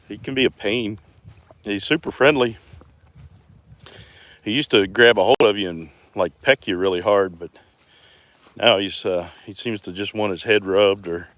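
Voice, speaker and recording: A man with a lowish voice gives a relaxed, rambling walkaround of his homestead, greeting viewers by name as he goes. He talks into a phone while walking outdoors, with crickets and insects buzzing behind him. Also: dry recording. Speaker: homestead vlogger. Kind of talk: casual live-stream walkaround.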